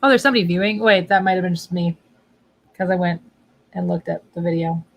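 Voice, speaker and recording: A woman's voice: on the low side, fast talker, gravelly, low-quality recording. A woman author chatting casually on a livestream from home, talking to her dog while she waits for viewers.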